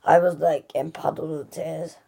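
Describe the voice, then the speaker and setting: A woman reviews a film in a loose, gushing ramble, leaning on "like" and starting over mid-thought. Her voice is low, dark and gravelly, with plenty of vocal fry. She talks slowly and unhurriedly. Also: flat delivery. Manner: gushing and rambling, full of "like" and restarts. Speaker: movie reviewer. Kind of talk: casual spoken film review.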